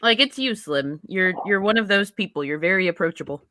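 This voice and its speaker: A woman in a casual chat, enthusiastic and quick to laugh. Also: medium pitch, animated, bright, forceful tone, no echo.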